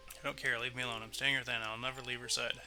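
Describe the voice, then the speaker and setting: A man's voice: medium pitch, level tone, very fast, over music, natural voice. A man voicing a timid, heartbroken young male prince and bard in a video game, speaking in a meek, hesitant way. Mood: earnest. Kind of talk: reading game dialogue aloud.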